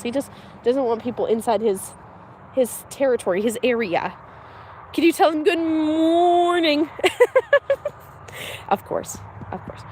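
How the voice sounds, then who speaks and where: Outdoors at the farm, a homestead mom with a voice on the high side chats and giggles through a casual livestream, talking to her animals. The clip has slight background noise.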